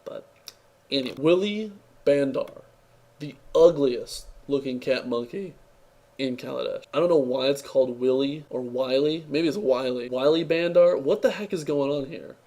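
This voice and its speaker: A young card game reviewer talks at normal speed in a warm, mid-pitched voice that sounds tired and strained from use. His casual review wanders along offhandedly and sarcastically, tripping over fillers and restarts.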